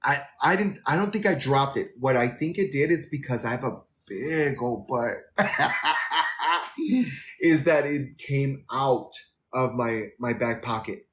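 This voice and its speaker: A man hosting a casual livestream, chatting and telling stories in a sassy, animated way, calling his listeners girl and honey. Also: medium pitch, slight background noise. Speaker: livestream host. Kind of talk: casual livestream chat and storytelling.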